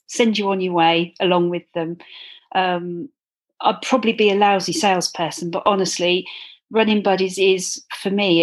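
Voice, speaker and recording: A woman guest telling her running story in a chatty, earnest way, with many ums. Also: medium pitch. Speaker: guest, club runner. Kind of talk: casual interview.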